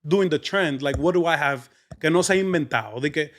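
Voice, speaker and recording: A man's voice: on the high side, fast, fairly bright tone. A man with a Dominican accent, a comedian telling stories in casual podcast chat, switching between English and Spanish. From New York, Dominican family. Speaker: comedian and content creator.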